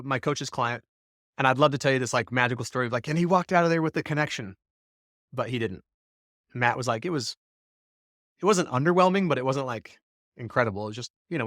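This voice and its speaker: Man telling a story with lively energy, dry close sound. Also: mid-range voice, dry recording. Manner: animated storyteller, acts out quotes of others. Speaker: podcast co-host. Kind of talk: casual storytelling.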